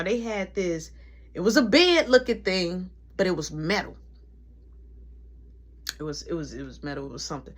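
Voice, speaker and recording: A young man telling a personal story in a casual storytime, animated and acting out each voice he quotes. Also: high voice, normal speed, long pauses. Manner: animated, acts out every quoted voice.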